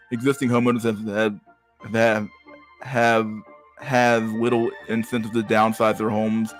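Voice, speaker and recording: A man hosting a podcast, reading a news article aloud and breaking off into profane, slangy asides. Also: on the low side. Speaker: podcast host.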